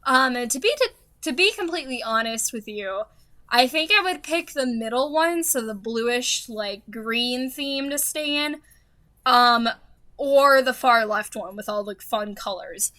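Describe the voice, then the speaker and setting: A chatty woman with a high, bright voice, talking through a relaxed voiceover from home. She rambles, laughs easily and leans on filler words. The sound is close and dry, with no room echo. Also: unhurried. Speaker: game builder narrating her build. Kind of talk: casual voiceover.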